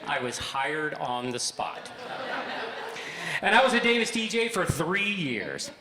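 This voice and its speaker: A man's voice: big pitch swings, slow, noisy background. Older man telling funny stories in an echoey hall. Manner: bursts into a booming fake DJ voice for jokes. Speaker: speaker giving a short stage talk. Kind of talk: humorous storytelling talk. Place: large hall with audience. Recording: echoey hall with long reverb.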